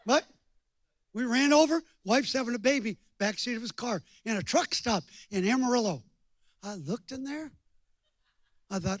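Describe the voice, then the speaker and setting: An older man preaching a storytelling sermon in a folksy, joking way, swinging from hushed asides to loud bursts. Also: very high-pitched, animated, a little slow, dry recording, clean studio sound. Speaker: guest preacher.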